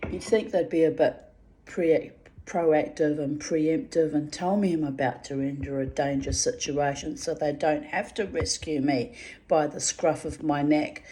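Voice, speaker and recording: A woman talks to her listeners in a loose, rambling vlog, quirky and a little salty, calling them darlings. Her voice sits low, with a soft, mellow tone. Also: steady tone, a little slow, a little hiss or hum. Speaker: vlogger. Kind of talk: casual rambling monologue.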